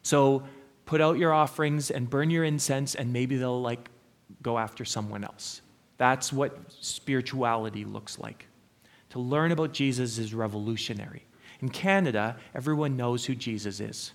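Middle-aged guy preaching, earnest storyteller, lots of ums, normal pitch. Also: moderate pace. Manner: earnest storytelling, with frequent fillers. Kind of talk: sermon.

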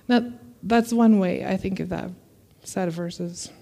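A woman's voice: medium pitch, a little slow, gravelly, warm tone. A woman preaching a sermon, a parent, reading scripture with dramatic expression and light laughter. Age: adult parent.

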